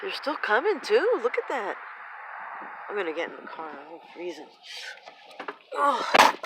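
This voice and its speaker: A woman filming outdoors on a phone, giving an excited, breathless running commentary and exclaiming over and over. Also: mid-range voice, measured pace, long pauses, noisy background. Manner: breathless, exclaiming, repeating herself. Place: outdoors in the cold.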